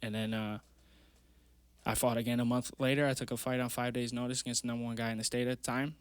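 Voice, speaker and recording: A young man in his twenties talks as a podcast guest, earnest and rambling, leaning on lots of fillers as he tells his story. His voice sits at an everyday middle pitch. The sound is close and dry, with no room around it. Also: little pitch movement, quick pace, smooth, dry recording. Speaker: guest, amateur MMA fighter. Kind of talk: casual storytelling interview. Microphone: podcast mic.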